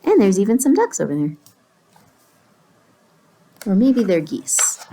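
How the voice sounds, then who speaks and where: A woman librarian reading picture books aloud to preschoolers, gentle and expressive. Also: on the high side, normal speed. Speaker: children's librarian.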